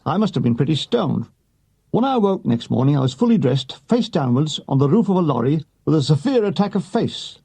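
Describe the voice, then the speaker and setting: A man's voice: fairly high pitch, sing-song, fairly quick, creaky, warm tone, slightly rough. A man reading a wartime memoir aloud, with a dry comic delivery that gives the other characters their own voices. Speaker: audiobook reader.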